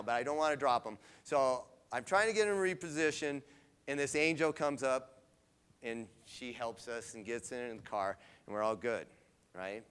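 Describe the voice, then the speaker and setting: Sharing a personal story in a devotional talk, this middle-aged man keeps things conversational and frequently asks his audience "right?". He has a medium-pitched, smooth voice with a fairly bright tone.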